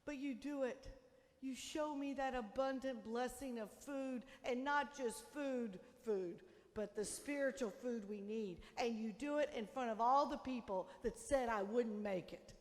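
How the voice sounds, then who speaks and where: A woman pastor preaching a sermon, swinging between loud emphatic declarations and soft, hushed lines. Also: on the high side, unhurried. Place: church sanctuary. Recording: long church reverb.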